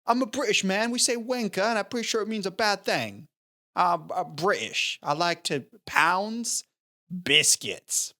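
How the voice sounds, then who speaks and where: A man voicing a silly British gentleman in a deliberately bad, overblown fake British accent. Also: sits high, expressive, pitched above the performer's own voice. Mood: hammy. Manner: overblown, jokey. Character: silly stereotyped British gentleman, male adult.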